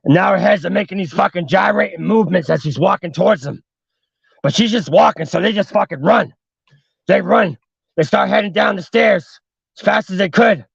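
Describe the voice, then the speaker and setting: A man's voice: high voice, moderate pace, creaky, husky, dry recording, highs cut off. A man hosting a podcast, telling a horror story casually with heavy swearing and lots of "like". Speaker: podcast host.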